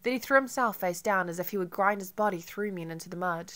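A woman narrating an audiobook in an intimate, measured first-person reading. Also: mid-range voice, fairly bright tone.

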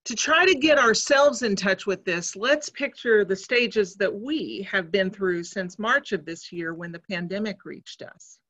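A woman preacher giving a sermon in a church, speaking in a measured, reflective way. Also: mid-range voice, a bit bright.

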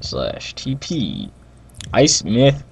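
A young man casually chatting and laughing while playing a co-op game, exclaiming loudly at every mishap. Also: medium pitch, huge pitch swings, extremely slow, gravelly, a little hiss or hum. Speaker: Minecraft co-op player. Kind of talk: casual gameplay chat.

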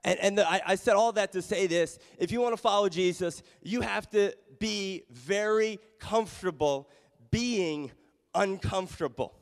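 A man pastor preaching a sermon and telling a personal story in a lively, self-mocking way, recorded in a church sanctuary. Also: high-pitched, moderate pace. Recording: long reverb of a church hall.

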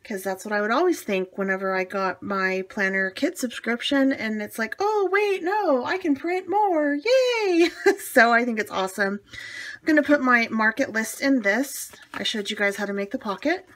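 A woman of medium pitch walks through a planner setup in a casual tutorial. She gushes with enthusiasm over her crafts, talking chattily with plenty of fillers and self-restarts. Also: moderate pace, a bit bright. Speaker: planner hobbyist presenting a tutorial. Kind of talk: casual show-and-tell tutorial.

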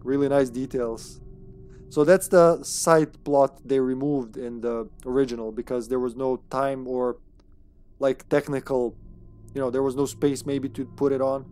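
A game streamer giving chatty live commentary on a horror game, excitable and swearing when startled. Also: mid-range voice, a little slow.

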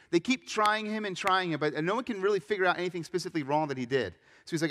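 Young pastor preaching in an echoing hall. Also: male voice, sits high, rapid-fire, few pauses. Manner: animated storytelling, acts out quoted voices. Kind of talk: sermon. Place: church sanctuary.

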